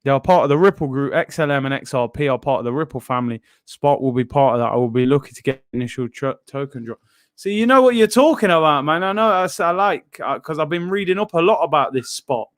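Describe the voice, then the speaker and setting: A man's voice: fairly high pitch, animated, fast talker, no room sound, clean studio sound. A man hosting a live football watchalong, chatting casually in slang and reading out chat messages.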